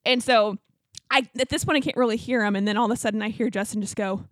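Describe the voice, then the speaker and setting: Young woman rattling off a story, kinda high voice, dry close sound, acts out everyone. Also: fast, dry recording. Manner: animated storyteller, acts out quotes, many fillers. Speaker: podcast co-host. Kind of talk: casual storytelling chat.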